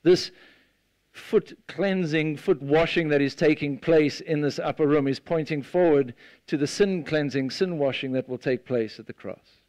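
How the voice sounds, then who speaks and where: A man preaching a sermon, retelling a scene with lively storytelling and acting out the voices of the people in it. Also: on the high side, normal speed, no echo. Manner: animated storytelling, acts out the disciples' voices.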